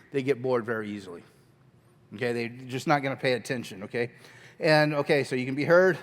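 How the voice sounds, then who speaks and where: A man leading a church skit class, coaxing volunteers in a lively way and laughing often. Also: on the high side, in a large hall. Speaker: drama workshop teacher. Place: church hall.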